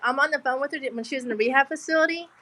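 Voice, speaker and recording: A woman's voice: high-pitched, racing, sharp tone, poor audio. Heartfelt woman on a call. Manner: heartfelt, rambling with many restarts. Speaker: guest. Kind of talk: emotional casual chat. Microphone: video call.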